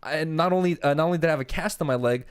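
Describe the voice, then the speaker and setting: A man's voice: a little high, rapid-fire, smooth. A young man co-hosting a podcast, chatting casually with lots of fillers and swearing. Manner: rambling, filler-heavy, swearing. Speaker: podcast co-host. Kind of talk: casual chat.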